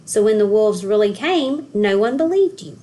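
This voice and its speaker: A woman voicing a boy's father in a children's storybook read-aloud, speaking calmly and gently instructive. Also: mid-range voice, moderate pace, natural voice. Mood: serious. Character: boy's father, calm and serious grown man.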